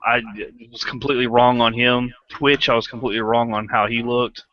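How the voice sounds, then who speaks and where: A man's voice: mid-range voice, level tone, brisk, dry recording. A man hosting a casual online hangout, telling profane, laughing stories. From southern United States. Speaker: hangout host. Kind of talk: casual group chat, storytelling. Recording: dull lo-fi online call audio.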